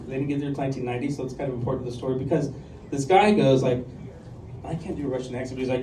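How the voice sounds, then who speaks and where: Recorded from a distance in an echoey club, a man in his fifties races through a conversational stand-up set, poking fun at himself and filling it with ums and likes. His mid-range voice is warm and steady, with slight background noise, laughter from the audience, and room ambience.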